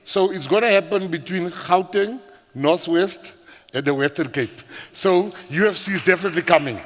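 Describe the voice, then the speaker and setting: A middle-aged South African man, a government minister, giving a public speech and telling stories in an animated way, laughing and shouting as he acts them out. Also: high voice, moderate pace. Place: large hall at a public event. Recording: reverberant hall.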